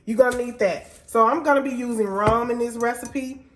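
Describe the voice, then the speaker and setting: A woman's voice: on the high side, normal speed. A woman hosting a casual cooking tutorial in her home kitchen, stuffed up from a cold and chatting in a down-home, informal way. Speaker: cooking show host.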